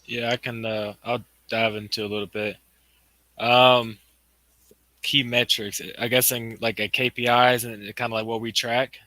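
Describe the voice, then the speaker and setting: A man explains in a casual way, saying "you know" often. His voice is bright and forceful, slightly low, and quite flat. The sound is close and dry. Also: measured pace, dry recording, rough recording.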